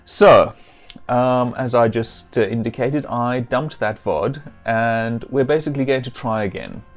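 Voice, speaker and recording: A man casually talking through a video game on a stream, chatty and self-deprecating. His voice sits in a middle range, and he often pauses to clear his throat. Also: mid-range voice, faint music behind. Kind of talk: casual game commentary and reading.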